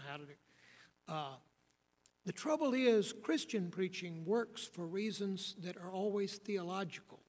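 A man's voice: high-pitched, in a large hall. A man in his sixties, a preacher giving a rambling, wry and blunt talk on preaching, with many fillers and restarts. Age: 60s. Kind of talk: lecture on preaching.

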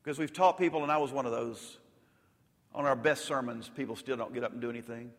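A male pastor preaching a sermon, rising to loud emphatic peaks and dropping to soft, intimate lows. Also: fast talker. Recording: long hall reverb.

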